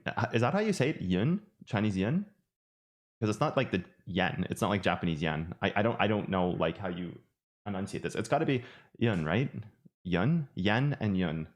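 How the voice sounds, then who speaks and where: A man with an Irish accent giving chatty, rambling live commentary on trading charts, joking at himself as he goes. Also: on the low side. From Ireland. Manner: chatty, rambling, self-mocking. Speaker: trading streamer.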